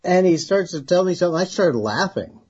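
A man's voice: sits high, brisk, husky, highs cut off. A middle-aged man, a retired Army researcher, telling a long story in an interview and acting out the dialogue, laughing now and then. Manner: animated storyteller who acts out quoted dialogue and laughs.

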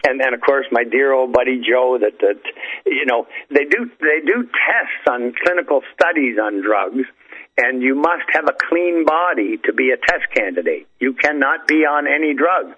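Older guy rambling through a story on the phone, husky voice, tinny line. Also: medium pitch, expressive, moderate pace. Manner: folksy, rambling, with frequent fillers and restarts. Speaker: interview guest.

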